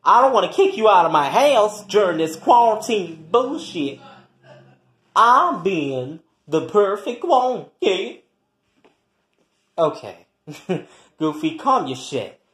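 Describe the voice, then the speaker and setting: A performer in an improvised comic quarrel, trash-talking and taunting with heavy swearing and swinging between loud jeers and low mutters. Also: sing-song, takes it slowly, pauses often, reverberant. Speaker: comedy skit performer.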